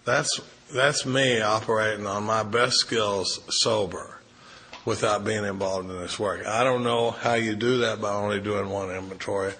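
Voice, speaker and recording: Middle-aged guy giving a recovery talk, bright forceful voice, animated storyteller acting out the back-and-forth. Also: fairly low pitch, normal speed, a little hiss or hum, poor audio. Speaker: AA speaker. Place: retreat meeting room.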